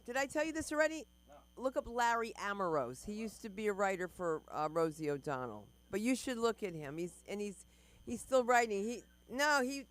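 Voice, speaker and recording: A woman's voice: medium pitch, very animated, moderate pace. A woman hosting an open mic in a small comedy club, chatty and jumping between thoughts as she introduces the next comic.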